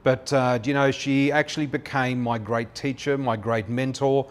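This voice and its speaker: An Australian man in his fifties, a psychic flower reader telling his story in a chatty, anecdotal way with many filler pauses. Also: mid-range voice, flat delivery. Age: 50s. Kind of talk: personal storytelling monologue.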